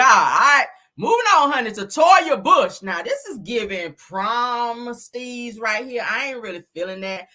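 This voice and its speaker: Woman host, bright and sassy, animated, blunt fashion takes for a live chat. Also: mid-range voice. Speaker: livestream host. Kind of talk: casual celebrity fashion commentary.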